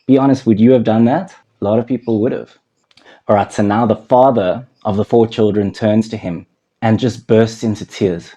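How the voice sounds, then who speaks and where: A male counsellor with a fairly low, mellow voice talks straight to the viewer in a conversational way. He tells a story and keeps asking what you would do. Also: fairly quick. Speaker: anger management counsellor. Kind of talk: direct-to-camera teaching talk.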